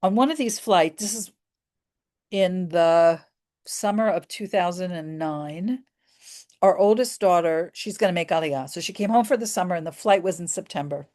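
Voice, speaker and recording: A woman's voice: fairly low pitch, moderate pace, darkish tone. A middle-aged woman from the United States telling a personal story in an earnest, emotional way. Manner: earnest and emotional, many restarts.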